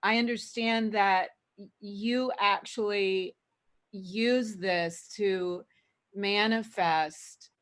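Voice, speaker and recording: Woman host asking a question, slow and halting, keeps restarting. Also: medium pitch, fairly even intonation, a bit bright. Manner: halting, searches for words. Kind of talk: interview.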